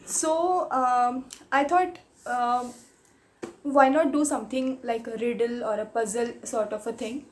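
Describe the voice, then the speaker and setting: A woman's voice: on the high side, fairly even intonation, measured pace. A woman, a Marathi speaker, chatting casually on her vlog and reading tongue twisters aloud. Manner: chatty, giggly, switches between English and Hindi. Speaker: YouTuber.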